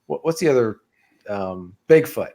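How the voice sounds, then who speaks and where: A giggly man co-hosting a casual podcast, rambling from one thought to the next. His pitch swings widely, with a lot of life in it. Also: lively intonation, moderate pace, gravelly, warm tone. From Pacific Northwest. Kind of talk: casual chat.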